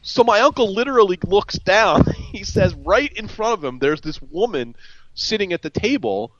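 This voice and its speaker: A man co-hosting a casual group podcast chat, telling a story with lively acted-out quotes. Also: sits high, normal speed, background noise. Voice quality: animated storyteller, acts out quoted people. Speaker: podcast co-host. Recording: dull lo-fi podcast audio, dry.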